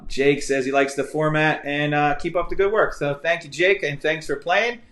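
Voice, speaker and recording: A man's voice: a little high, a bit bright. Chatty male trivia show host. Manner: rambling and chatty, many fillers and restarts. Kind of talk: live-streamed trivia hosting and casual storytelling. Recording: echoey room with faint music.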